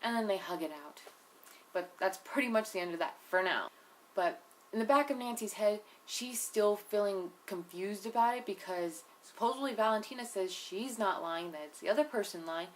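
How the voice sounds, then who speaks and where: A woman's voice: mid-range voice, moderate pace, slight background noise. A young woman giving a casual, opinionated recap of a reality show episode, profane and full of "like" and "you know". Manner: blunt, opinionated asides. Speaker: TV episode reviewer.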